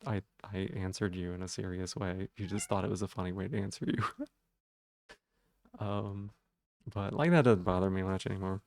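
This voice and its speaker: A man's voice: fairly low pitch, darkish tone, no echo, clean studio sound. A man livestreaming, casually reading out viewers' messages and answering them in a rambling way.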